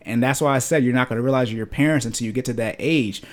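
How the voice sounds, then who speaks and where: A man's voice: mid-range voice, very fast. Blunt young man ranting on a podcast. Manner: emphatic, blunt, lecturing with homespun analogies. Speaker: podcast host. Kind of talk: personal finance podcast rant.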